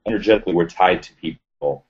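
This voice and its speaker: A man telling a personal story as an interview guest, animated and acting out the voices of others. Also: sits low, fast talker. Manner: animated retelling, acts out quoted voices. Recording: dull lo-fi sound.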